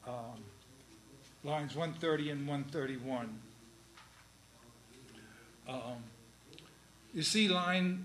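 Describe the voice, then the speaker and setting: A man teaching a class on verse and syllables, speaking slowly and deliberately with many pauses. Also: fairly high pitch, big pitch swings, sharp tone, reverberant, poor audio.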